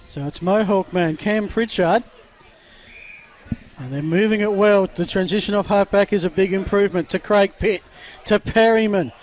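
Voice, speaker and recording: A man calling play-by-play at a local football match, excitable and quick to ramp up. His voice is notably high for a man. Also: slight background noise. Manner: excitable play-by-play, builds to shouting. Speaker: lead football commentator. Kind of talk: live sports commentary.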